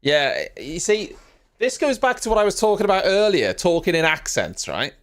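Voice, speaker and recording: Male live-stream host, casual reaction chat, rambling and self-mocking, pitch swinging up and down a lot. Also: big pitch swings, moderate pace, fairly bright tone.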